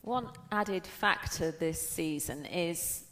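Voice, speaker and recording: A woman hosting a live panel event, putting clear questions to the guests. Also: fairly low pitch, slow pace, fairly bright tone, a little hiss or hum. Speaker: host.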